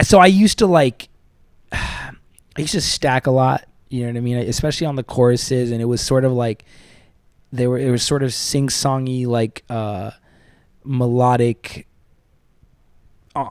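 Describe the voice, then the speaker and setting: A man in his thirties, a podcast host and musician from the southern United States, chatting casually and telling lively stories with loud excited bursts and soft asides. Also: medium pitch, unhurried, pauses often, clear, resonant tone, no echo, studio quality. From Southern US, Tampa. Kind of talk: casual chat.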